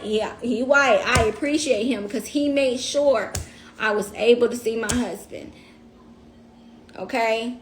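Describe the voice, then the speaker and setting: A woman's voice: fairly high pitch, a little hiss or hum. Emotional Southern woman telling a story. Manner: emotional, swears, talks straight to the audience. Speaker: livestream host. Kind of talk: casual storytime chat to viewers.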